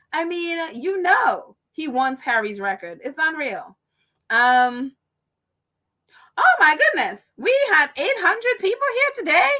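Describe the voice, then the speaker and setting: Bright, high-voiced Caribbean woman host. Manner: chatty, reads viewer comments aloud, laughs often. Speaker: live-stream host. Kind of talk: live-stream chat commentary.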